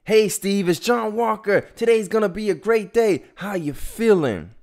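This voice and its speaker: A man putting on a booming, chipper early-morning caller. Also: expressive, unhurried. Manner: loud, high, sing-song upbeat. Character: relentlessly cheerful man calling early.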